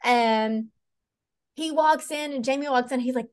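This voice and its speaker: A woman chatting on a podcast, excitable, swearing freely and acting out scenes as she retells them. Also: high voice, unhurried. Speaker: podcast co-host. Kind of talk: casual chat.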